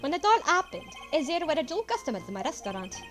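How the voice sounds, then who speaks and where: A flamboyant male chef with a put-on French accent gushes and drops French words into every sentence, as a woman puts him on. His voice rides high and loud. Game music plays steadily behind him. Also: big pitch swings, quick pace. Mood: theatrical. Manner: gushing, sprinkles French words.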